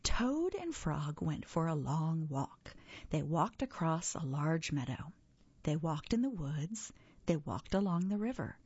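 Woman storybook reader: husky, lower voice with lively pitch, measured and expressive, dry close sound. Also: no room sound, muffled recording. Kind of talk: reading a children's book aloud.

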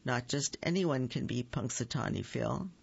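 A man's voice: mid-range voice, expressive, normal speed, creaky, breathy edge, lo-fi sound. A man reading a storybook aloud voices a sleepy, grumpy old male groundhog who grumbles as he talks. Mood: grumbling.

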